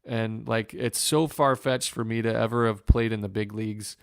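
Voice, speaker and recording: A man from Northwest Ohio, a former pitcher, telling an earnest story in an interview with many restarts. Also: steady tone, normal speed, creaky, smooth, no echo, studio quality. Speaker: former pro pitcher, podcast guest.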